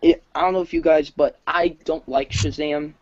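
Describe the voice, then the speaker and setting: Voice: mid-range voice, fairly even intonation, moderate pace, dry recording. An eager guest on a casual live stream, jumping in to share opinions. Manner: eager, jumps in to try impressions. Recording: dull, dry lo-fi audio.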